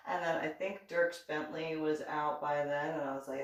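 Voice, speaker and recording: Woman storyteller, slightly low voice, animated and laughing, acts out the dialogue, recorded in an echoey room away from the mic. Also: moderate pace, hardly any pauses, recorded from a distance. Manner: animated, acts out both sides of dialogue, laughs often, many restarts. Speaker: reverend reading and commenting on her diving memoir. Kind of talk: casual storytelling commentary.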